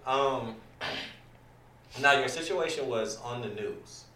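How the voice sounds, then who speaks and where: A man's voice: mid-range voice, takes it slowly, pushed and bright. A man hosting a casual podcast, talking loosely with lots of ums, restarts and swearing. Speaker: podcast host. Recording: echoey room, mic at a distance, faint noise.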